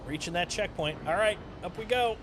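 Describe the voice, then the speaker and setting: A man's voice: high voice, brisk, noisy background. A young man streaming a game, chatting casually with playful, jokey asides. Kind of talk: casual gameplay commentary. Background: game music.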